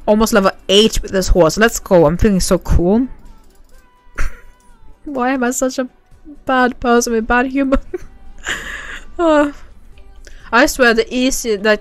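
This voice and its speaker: A woman's voice: on the high side, no echo. A woman streaming a horse game, chatting casually with viewers and giggling often. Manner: giggly, chatty, reacts to chat. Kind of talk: casual livestream chat.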